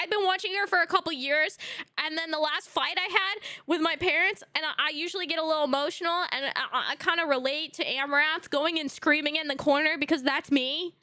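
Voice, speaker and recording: A woman's voice: sits high, fairly quick, bright, forceful tone, dry recording, clean studio sound. A woman streamer in casual chat, telling emotional stories animatedly with laughter. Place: home streaming setup.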